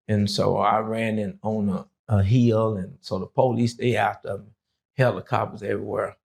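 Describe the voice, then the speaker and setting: A man's voice: on the low side, gravelly, a little mellow. A middle-aged man from Dallas, telling his life story in a rambling, casual way with many fillers. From Dallas, Texas.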